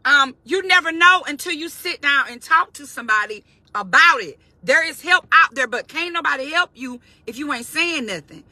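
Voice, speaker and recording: Woman, high bright voice, emphatic spiritual pep talk, repeats herself for emphasis. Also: lively intonation, normal speed, no room sound. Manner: emphatic and conversational, repeats key phrases. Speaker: faith-based motivational speaker. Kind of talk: informal spiritual encouragement talk.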